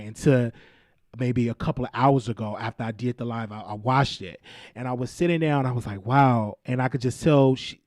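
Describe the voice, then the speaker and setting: A man's voice: mid-range voice, a little mellow, dry recording. Earnest man host in dry commentary. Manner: earnest, halting, many restarts. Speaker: podcast host. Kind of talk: casual commentary.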